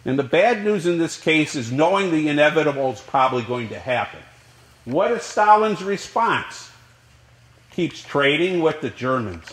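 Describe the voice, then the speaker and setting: A man teaching a college history class, lecturing in a lively way and asking the class questions. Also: fairly high pitch, echoey room, rough recording. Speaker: history professor.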